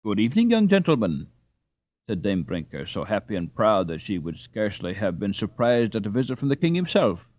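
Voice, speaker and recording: A man reading a classic novel aloud as an audiobook narrator, telling the story in an animated way. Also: brisk, few pauses, no room sound. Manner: animated storytelling, lively pitch.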